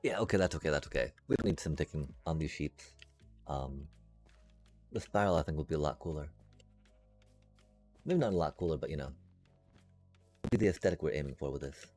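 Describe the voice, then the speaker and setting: A man with an extremely low, slightly mellow voice live-streams a block-building game, talking briskly with lively intonation and frequent pauses. He thinks aloud to his chat, hums little sound effects, and mutters or trails off as he builds. Soft music plays in the background.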